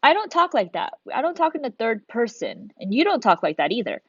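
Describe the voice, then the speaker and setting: A woman's voice: a little high, very animated, a little fast, slightly rough. A woman teacher recording a lesson for young students, guiding them step by step in an encouraging way. The room sound is dry and close, with no echo. The audio is a little dull, like a simple home recording. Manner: encouraging, talks students through each step. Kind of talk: recorded video lesson for children.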